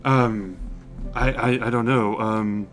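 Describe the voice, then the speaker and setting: A man's voice: on the low side, steady tone, soft background music. Hesitant man running a tabletop game. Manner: halting, hesitant, many fillers and restarts. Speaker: game master.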